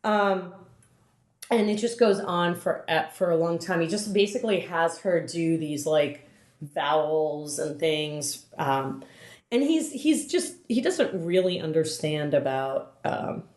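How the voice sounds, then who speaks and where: A woman's voice: sits low, slow, a little mellow. A woman podcast host recapping a film in casual chat, rambling with many fillers and restarts. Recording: roomy, echoey room.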